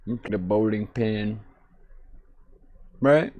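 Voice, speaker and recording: Male streamer, slow sarcastic game commentary, mid-range voice. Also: medium pitch, a little mellow, dry recording. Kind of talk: gaming commentary. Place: online VR game.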